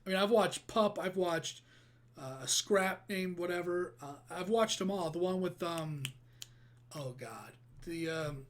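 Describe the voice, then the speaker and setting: A man hosting a casual reaction video, rambling, swearing freely and getting excited. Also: high voice, measured pace.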